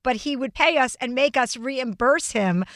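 A woman's voice: high-pitched, animated, moderate pace, a bit bright, dry recording, studio quality. A woman in her forties hosting a podcast, blunt and self-mocking in casual chat. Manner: blunt, joking, self-deprecating. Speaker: podcast host.

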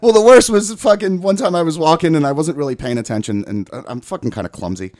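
A man's voice: a little high, fast talker, a little mellow. A young adult man in casual crude chat, a profane, rambling storyteller who laughs often. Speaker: podcast guest, former mail carrier.

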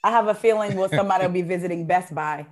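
A woman co-hosting a podcast in casual chat, with quick, wry interjections. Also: fairly low pitch, crowd noise. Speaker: podcast co-host.

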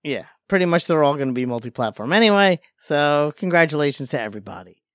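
A man's voice: on the high side, animated, fast, fairly bright tone, dry recording, clean studio sound. A man co-hosting a casual gaming podcast, talking in a wry, sarcastic, joking way. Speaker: podcast co-host. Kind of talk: casual chat.

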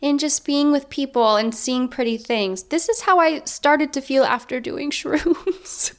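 Speaking a little slowly in a high-pitched voice, a young woman co-hosts a podcast, rambling through casual chat packed with filler words.

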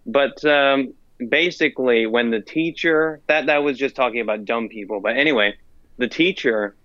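A man's voice: medium pitch, moderate pace, pushed and bright, no room sound, highs cut off. A teenage boy co-hosting a casual chat podcast, rambling and correcting himself as he tells stories. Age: teens. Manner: rambling, self-correcting storyteller. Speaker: podcast co-host.

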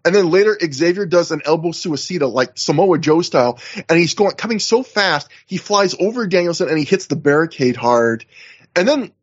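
A man's voice: a little high, expressive, normal speed, husky, lo-fi sound. A man co-hosting a podcast, chatting casually as he recaps in detail with lots of fillers. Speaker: podcast co-host.

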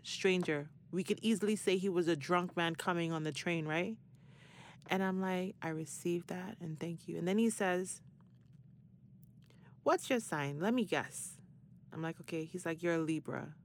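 A woman's voice: fairly low pitch, normal speed, a little hiss or hum. A woman hosting a podcast, telling a story in a casual, slangy way and laughing often. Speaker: podcast host.

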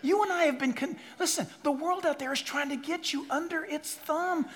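Pastor, male, very high bright voice, animated emphatic sermon delivery, large reverberant hall, congregation laughing. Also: moderate pace. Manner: animated, emphatic preaching with asides and quoted voices. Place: church hall before a congregation. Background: audience laughter.

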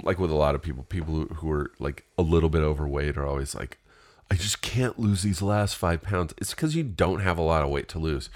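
A man telling a rambling personal story in a casual, profane way, with many fillers. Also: rumbling low.

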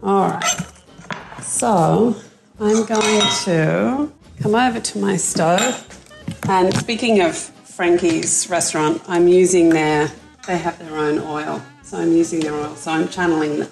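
A woman's voice: on the low side, unhurried, vocal fry, soft background music. A woman with an Australian accent, chatting casually while cooking in a home kitchen. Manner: relaxed, chatty, with fillers. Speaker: cookbook author and home cook.

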